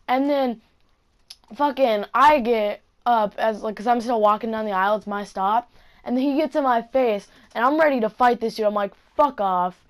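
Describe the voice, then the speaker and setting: Woman vlogger, slightly high voice, foul-mouthed, rambling casual storytime to camera. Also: moderate pace. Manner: heavy swearing, rambling asides.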